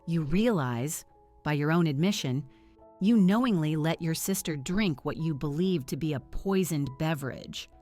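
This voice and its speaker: A stern female detective, steely and commanding, who weighs each word, voiced by a woman narrator. The delivery is slow and low, with faint music underneath. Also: animated, mellow.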